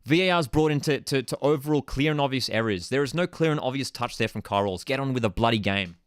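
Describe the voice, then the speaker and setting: A man's voice: medium pitch, animated, fast talker, clean tone, no room sound, studio quality. Exasperated man ranting over football. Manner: exasperated, ranting, casual slang. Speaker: host of a football watchalong stream. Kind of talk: live watchalong commentary, reading chat.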